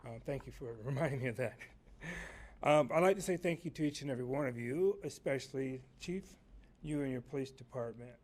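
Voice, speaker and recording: Man, mid-pitched voice, polite, formal, lots of fillers, public comment at a podium mic. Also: brisk, darkish tone. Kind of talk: public comment at a council meeting. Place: council chamber.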